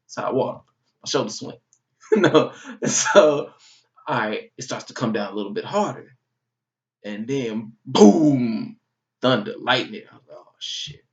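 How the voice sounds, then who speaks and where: A man's voice: mid-range voice, measured pace, pauses often. Young man telling a comic story, swearing. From Georgia, US. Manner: animated, swearing, exaggerated storytelling. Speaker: vlogger. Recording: dull, slightly distant recording.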